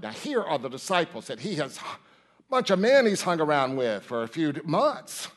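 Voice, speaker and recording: Guy preaching a sermon, kinda high voice, emphatic, repeats stuff, asks the crowd questions. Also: big pitch swings, moderate pace. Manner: addresses listeners directly, asks rhetorical questions. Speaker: minister. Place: church sanctuary.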